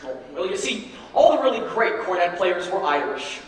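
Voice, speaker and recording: A man playing a smooth-talking traveling salesman posing as a professor, with fast, flattering patter in a stage musical. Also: high-pitched. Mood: glib. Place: theater stage. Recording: echoey hall, miked from far off with music.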